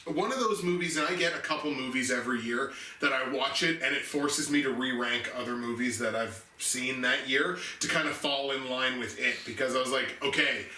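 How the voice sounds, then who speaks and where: A man's voice: medium pitch, brisk, hardly any pauses, pushed and bright, recorded from a distance. A man co-hosting a movie review show, chatting casually and enthusiastically about films, rambling with restarts. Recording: echoey room, voice off-mic, faint noise.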